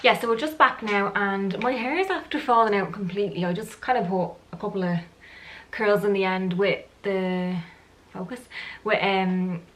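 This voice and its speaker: A woman's voice: mid-range voice, normal speed, fairly bright tone, slight background noise, rough recording. A young woman with an Irish accent, chatting through a day-in-the-life vlog, rambling and correcting herself with lots of ums. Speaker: vlogger.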